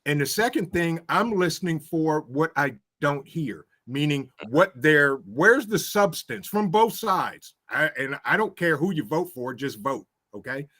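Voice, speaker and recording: A man's voice: fairly high pitch, lively intonation, a little slow, hardly any pauses, bright, forceful tone. A man in a casual chat, giving blunt, opinionated takes.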